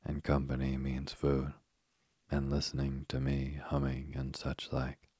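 A mild, simple-minded teddy bear voiced by a man reading a bedtime story talks in an extremely deep, husky and flat tone. He speaks slowly, and the recording is dry and close. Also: dry recording, exaggerated voice. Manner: slow, gentle and mild.

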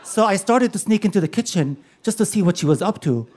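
A man in his sixties telling a personal story on stage, animated and laughing as he goes. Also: sits high, brisk, slight background noise.

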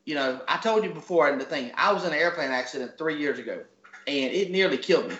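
A man's voice: a little high, lively intonation, quick pace, a bit bright. A man with a Georgia Southern accent, a guest speaking in a folksy, motivational way on a podcast interview. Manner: folksy, motivational, restarts sentences. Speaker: guest, app founder. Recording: echoey, dull lo-fi audio.

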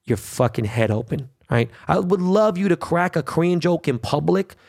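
A man with a gravelly, rough-edged voice rants on his own podcast. His delivery is blunt and combative, peppered with swearing and rhetorical questions. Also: fairly high pitch, expressive, normal speed, darkish tone. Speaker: podcast host. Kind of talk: profane monologue rant.

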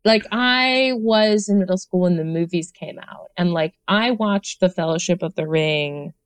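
A woman's voice: on the low side, a little slow, clean tone. A woman in her thirties, a podcast guest, chatting casually with lots of fillers and laughs. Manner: animated, laughing, many fillers. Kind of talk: casual chat.

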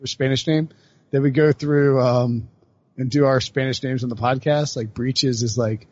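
A man's voice: mid-range voice, fairly even intonation, moderate pace, dull audio. A man co-hosting a casual sports podcast, rambling with lots of fillers and frequent laughs. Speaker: podcast co-host.

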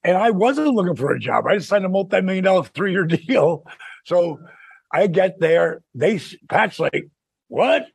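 Gravelly older man telling stories. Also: high-pitched, moderate pace, no echo. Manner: animated, profane, acts out quoted voices. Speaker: podcast host telling wrestling stories. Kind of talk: casual storytelling chat.

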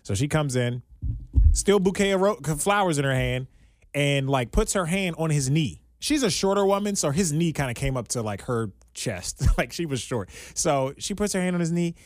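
This male podcast co-host has a voice on the high side and lively intonation, talking at normal speed. He tells a story in relaxed chat and laughs a lot, captured in clean studio sound with no room sound.

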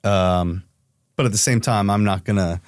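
Low-voiced swearing man. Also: fairly even intonation, moderate pace, no echo, clean studio sound. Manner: swears freely, acts out quotes with raised pitch. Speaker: private investigator guest. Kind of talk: casual storytelling interview.

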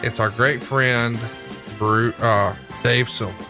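A man's voice: mid-range voice, fairly even intonation, takes it slowly, over music. A man co-hosting a podcast, trading jokes in casual chat and reading an ad in a brash, wisecracking way. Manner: brash, joking ad read. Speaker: podcast co-host.

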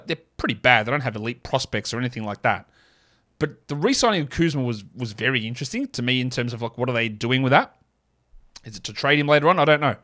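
An Australian man talks through his analysis alone on a podcast mic. His delivery is casual and conversational, full of quick asides, and his voice sits at an ordinary, middle pitch for a man. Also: bright, forceful tone. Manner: casual, chatty, thinks aloud with quick asides. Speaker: podcast host. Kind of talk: solo sports analysis podcast.

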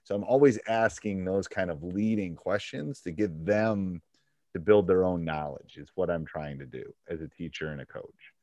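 A man's voice: sits low, lively intonation, normal speed, mellow, no echo. A man, a basketball coach and podcast host, giving coaching advice on a one-on-one call and acting out back-and-forth dialogue as he talks.

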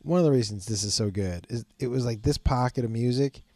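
A man's voice: medium pitch, fairly quick, mellow, no echo. A man hosting his podcast, rambling in a casual, profane, self-mocking way and often breaking into laughter. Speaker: podcast host.

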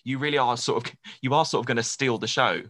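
A man's voice: medium pitch, fast talker, fairly bright tone. A man hosting a podcast interview, chatting casually and gushing with praise for his guest. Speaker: podcast host.

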